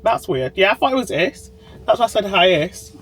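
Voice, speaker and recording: A woman's voice: mid-range voice, big pitch swings, a little fast, slightly rough, poor audio. A woman chatting to camera in a diary vlog, sitting in a parked car and talking into her phone. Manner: bubbly, chatty, talks straight to camera. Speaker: vlogger.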